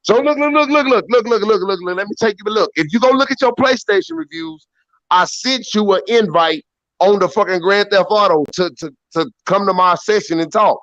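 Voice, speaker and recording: A man's voice: sits high, expressive, brisk, a bit bright, dry recording, dull audio. An American man telling his side of a story on a call-in panel show, profane and insistent, talking over the others. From United States. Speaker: panel guest. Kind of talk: heated call-in panel talk.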